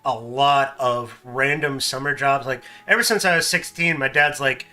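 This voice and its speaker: Bright-voiced man telling stories. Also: mid-range voice, moderate pace, faint music behind. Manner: animated storyteller, laughs often. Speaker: streamer host. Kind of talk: casual chat.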